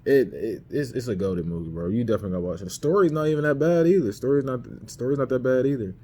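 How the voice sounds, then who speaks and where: A man's voice: medium pitch, very fast, dark tone, breathy edge. A man hosting a podcast, casually ranking movies in slangy talk and laughing as he retells scenes into a camera mic. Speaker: podcast host reviewing movies.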